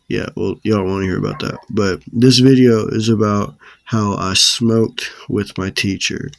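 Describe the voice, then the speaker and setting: A man's voice: lowish voice, creaky, a little mellow, no echo. A young man telling a story in a casual, slangy, profane way. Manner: laid-back, slangy and profane. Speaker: storyteller vlogger.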